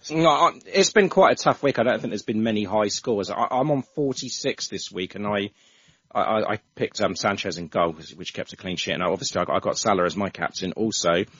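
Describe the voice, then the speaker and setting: A man's voice: lowish voice, a little fast, fairly bright tone, breathy edge, dry recording, dull audio. A man hosting a casual football podcast, chatting with frequent restarts. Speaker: podcast host.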